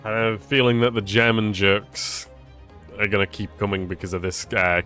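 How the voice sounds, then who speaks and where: A man's voice: lowish voice, steady tone, normal speed, bright, forceful tone, faint music behind. A man streaming a game, joking and laughing often as he comments. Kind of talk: casual gameplay commentary.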